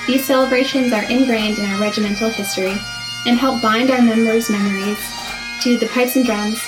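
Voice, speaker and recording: A woman's voice: a little high, steady tone, a little fast, rough recording. Woman narrating over bagpipes. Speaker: narrator for the pipe band. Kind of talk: scripted narration. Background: bagpipe music.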